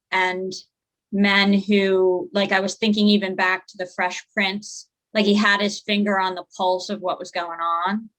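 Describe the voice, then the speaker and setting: A woman's voice: medium pitch, a bit bright, low-quality recording. A woman facilitating a group discussion on a video call, conversational and thinking aloud with fillers as she talks.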